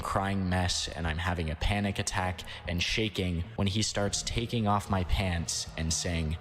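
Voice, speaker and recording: A man narrating a first-person account in a steady, somber scripted read. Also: low voice, a little slow, hardly any pauses, soft background music. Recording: long reverb, faint background noise.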